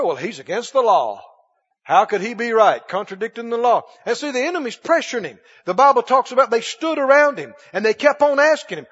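A man with a high, bright-pitched voice preaches a sermon, pressing his congregation with rhetorical questions and emphatic calls. His voice rings out with a long echo through a church sanctuary. The recording sounds dull and muffled. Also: very animated, moderate pace, slightly rough.

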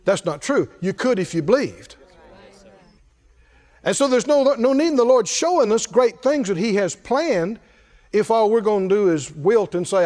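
A male preacher with a strikingly high voice, delivering a sermon full of emphatic call-and-response. He pushes his points hard and at times rises to a shout. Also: lively intonation, moderate pace.

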